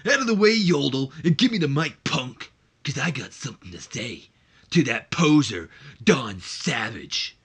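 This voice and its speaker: A man doing a shouting, hotheaded wrestler. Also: mid-range voice, sing-song, unhurried, husky, heavily acted. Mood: ranting. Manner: shouting, belligerent rant. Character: loud angry male wrestler, a ranting hothead. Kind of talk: let's play character voice.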